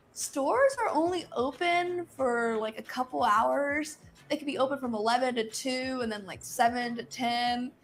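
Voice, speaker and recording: An American woman speaking in an interview clip, relaxed and easygoing. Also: high-pitched, creaky, a little hiss or hum. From United States. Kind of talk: documentary interview.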